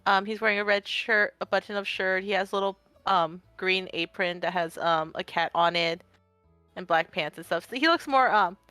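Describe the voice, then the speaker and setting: A young woman with a mid-pitched voice narrates her role-playing character, halting and full of fillers. Her voice sits close and dry on the microphone, with faint music underneath. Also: bright, forceful tone, dry recording. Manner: hesitant, many fillers, laughs while describing. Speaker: player.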